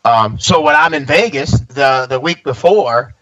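A stand-up comedian in his fifties tells a personal story in casual conversation, animatedly acting out what other people said. His voice is medium-pitched and measured in pace, and the audio has its highs cut off.

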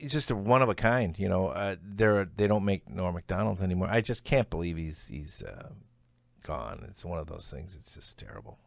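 A man's voice: low voice, moderate pace, vocal fry, dry recording. A middle-aged man, a comedian guest, telling stories in a casual interview, acting out quotes and laughing as he talks. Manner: animated storyteller, acts out quotes, laughs mid-sentence.

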